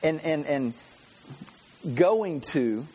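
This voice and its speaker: Husky guy preaching, kinda high voice, storytelling, acts out the voices. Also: lively intonation, very slow, dark tone, poor audio. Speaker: pastor. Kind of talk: sermon.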